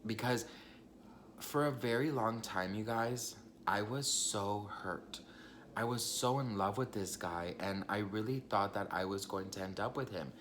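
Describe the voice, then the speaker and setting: Young man dishing gossip in a lowish voice. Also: unhurried, fairly bright tone, a little hiss or hum. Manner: chatty, gossipy, swears casually and addresses the viewers directly. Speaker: vlogger. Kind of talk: casual storytime vlog.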